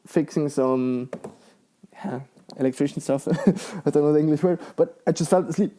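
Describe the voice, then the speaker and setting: Excitable young man, mellow voice. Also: a little high, moderate pace. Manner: excitable, laughs often, lots of fillers. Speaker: guest, professional mountain bike rider. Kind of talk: casual conversational interview.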